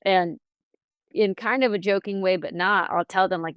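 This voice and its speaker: A woman who works as a therapist, speaking as a podcast guest in a gentle, reflective way. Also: medium pitch, fairly even intonation, moderate pace, clean tone, dry recording. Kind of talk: casual podcast conversation.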